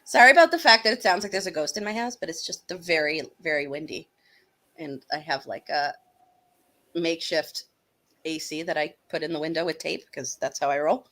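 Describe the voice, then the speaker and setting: A woman's voice: low voice, a little fast, fairly bright tone. A woman from Canada chatting casually on a livestream from her apartment, joking and giggling. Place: high-rise apartment, windy.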